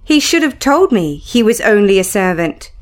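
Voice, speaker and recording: A woman's voice: mid-range voice, sing-song, moderate pace, close to an everyday voice. A woman voicing a spoiled, imperious young girl in a storybook reading. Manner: imperious, scornful.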